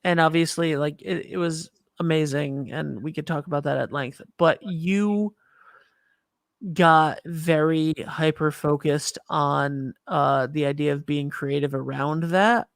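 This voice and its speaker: A man's voice: a little high, steady tone, unhurried, gravelly, no echo, clean studio sound. A man hosting a podcast, rambling through casual chat with lots of fillers as he thinks aloud. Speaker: podcast host.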